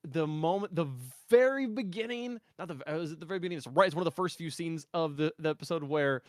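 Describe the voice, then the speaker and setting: A man's voice: fairly high pitch, no echo, clean studio sound. A man co-hosting a casual podcast chat, rambling with lots of fillers. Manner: rapid, rambling, full of fillers and restarts. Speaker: podcast co-host.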